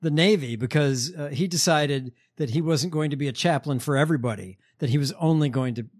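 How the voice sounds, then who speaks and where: Podcast host, male, slightly higher voice, halting casual delivery. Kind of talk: casual chat.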